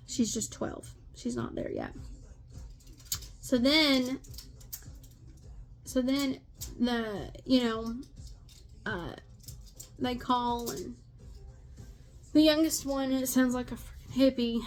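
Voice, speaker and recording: A middle-aged woman venting bluntly about family drama, exasperated, swearing freely and repeating herself for emphasis. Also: a little high. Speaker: stepmother vlogger. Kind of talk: venting rant to camera.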